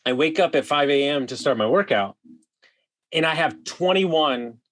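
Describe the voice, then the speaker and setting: A man telling a wild story as a podcast guest, animated, swearing freely and full of "like" fillers. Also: a little high, normal speed. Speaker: guest, vacation rental host. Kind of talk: casual storytelling.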